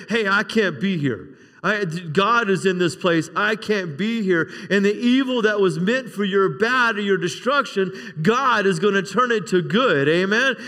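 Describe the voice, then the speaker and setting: Male pastor, sermon delivery, bright forceful tone, conversational with call-and-response, long church-hall reverb. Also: high-pitched. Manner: conversational preaching with frequent call-and-response amens. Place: church sanctuary.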